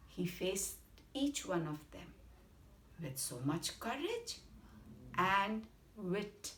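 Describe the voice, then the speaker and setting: Slow sing-song Indian woman storyteller. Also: medium pitch. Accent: Indian English. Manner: expressive and sing-song, addressing children. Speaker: children's storyteller. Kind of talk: bedtime story reading. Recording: echoey room.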